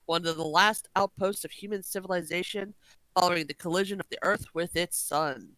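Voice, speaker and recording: A woman's voice: lowish voice, fairly quick, fairly bright tone, dry recording, rough recording. A woman co-hosting a podcast, chatting casually in a teasing, jokey way. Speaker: podcast co-host. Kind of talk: casual review chat.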